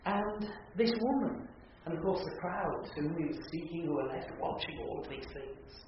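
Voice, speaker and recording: A man's voice: a little high, lively intonation, normal speed, background noise. A man preaching a sermon, retelling a scripture scene as a vivid story. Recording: echoey hall, far from mic, dull.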